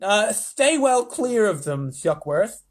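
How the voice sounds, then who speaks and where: A man voicing a boastful, self-satisfied president with theatrical, drawn-out emphasis. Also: sits high, sing-song, voice pushed up, heavily acted. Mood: commanding.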